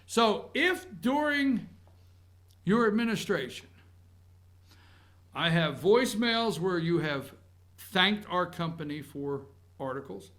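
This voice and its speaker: A man hosting a talk show monologue, animated and blunt, swinging from loud outbursts to low muttering. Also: takes it slowly, pauses often.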